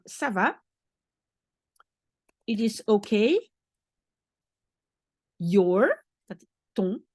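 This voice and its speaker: Slow, lively Belgian woman teaching French. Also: mid-range voice, dry recording. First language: Dutch. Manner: patient, repeats phrases slowly, thinks aloud. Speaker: language teacher. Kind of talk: explaining French to a beginner.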